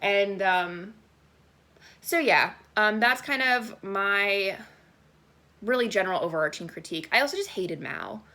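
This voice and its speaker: A young adult woman giving a casual, sarcastic book review to camera, animated and full of "like". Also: mid-range voice, unhurried. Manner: animated and sarcastic, heavy use of "like". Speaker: book vlogger.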